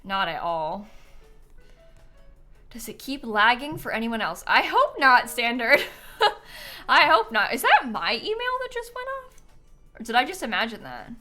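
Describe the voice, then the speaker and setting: A woman's voice: on the high side, sing-song, measured pace, pauses often, pushed and bright, faint music behind. A woman chatting casually on a live stream while she plays a life-sim game, giggling often and answering questions from chat.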